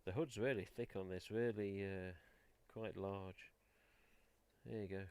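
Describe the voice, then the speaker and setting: Low, smooth, and a little mellow, this Englishman's voice stays fairly even and a little slow as he hosts a collectors' live stream on a headset mic. He's chatty, swears mildly, and keeps handling items from boxes as he talks.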